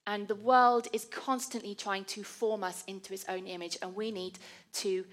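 A woman's voice: mid-range voice, steady tone, normal speed. A woman giving a conversational, self-deprecating sermon. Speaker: preacher.

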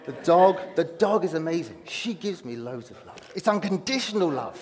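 A man preaching to a small gathered audience in a relaxed, conversational way. His voice sits a little on the high side for a man, and he breaks into easy laughter and jokes at his own expense as he tells stories. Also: moderate pace, few pauses, crowd noise. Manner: chatty, self-deprecating, laughs often. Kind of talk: informal sermon. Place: room with an audience.

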